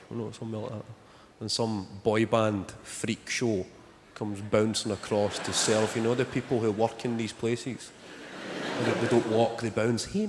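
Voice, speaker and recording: A young man doing stand-up, telling stories in a wry, deadpan way. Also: fairly low pitch. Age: young adult. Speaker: stand-up comedian. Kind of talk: stand-up comedy set. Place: large theatre stage. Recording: echoey theatre, loud noise.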